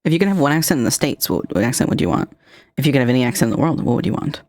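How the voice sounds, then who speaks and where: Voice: mid-range voice, expressive, very fast, a little mellow, no room sound. Curious, swearing streamer host. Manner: curious, swears casually, asks questions. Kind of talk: casual chat.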